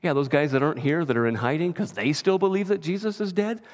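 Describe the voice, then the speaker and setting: A man's voice: on the high side, fast talker. A man preaching a sermon as a pastor, in a conversational way and often checking in with "right?". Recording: long reverb of a large hall.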